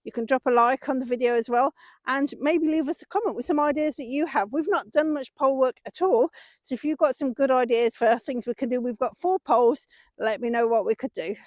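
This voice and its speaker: High-pitched woman coaxing her horse. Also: brisk, darkish tone, no echo. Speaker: horse owner and channel host. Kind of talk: casual vlog narration while working a horse. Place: outdoors in a field with horses.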